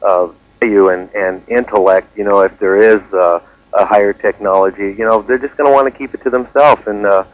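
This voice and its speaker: A man calling in to a radio talk show, rambling and halting with many fillers. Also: fairly low pitch, fairly even intonation, no echo. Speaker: caller. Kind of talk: call-in radio chat. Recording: dry dull lo-fi radio call.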